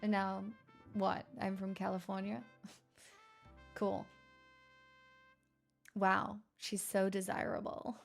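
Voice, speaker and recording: A woman's voice: mid-range voice, monotone, takes it slowly, vocal fry, long pauses, faint music behind. A woman who streams and chats with viewers. She talks in a candid, rambling way, swears, and laughs often. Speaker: live streamer reading chat. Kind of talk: casual chat.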